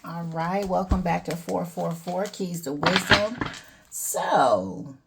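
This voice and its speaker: A woman hosting an oracle card reading, talking softly and gently and admitting the cards make her emotional. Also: lowish voice, expressive, takes it slowly, vocal fry. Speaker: tarot reader. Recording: loud background noise.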